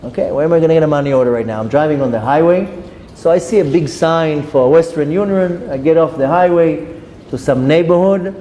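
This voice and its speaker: A man telling a personal story, animated and acting out the dialogue in different voices. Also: on the high side. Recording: echoey hall with faint noise.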